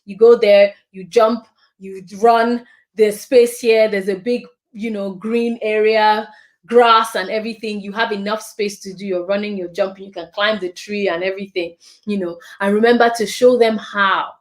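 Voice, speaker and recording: A woman giving a parenting talk, expressive and repeating phrases for emphasis. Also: mid-range voice, normal speed. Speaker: parenting speaker.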